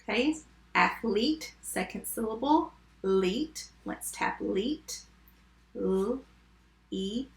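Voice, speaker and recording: A woman teaching a first grade phonics lesson remotely, sounding out words slowly and giving patient step-by-step instructions. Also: on the high side, lively intonation, vocal fry, reverberant.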